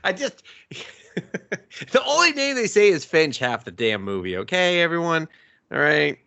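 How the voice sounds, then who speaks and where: A man's voice: a little high, big pitch swings, measured pace, gravelly, sharp tone. A young man co-hosting a podcast who reviews a movie in casual chat, joking and laughing often and putting on silly voices. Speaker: podcast co-host.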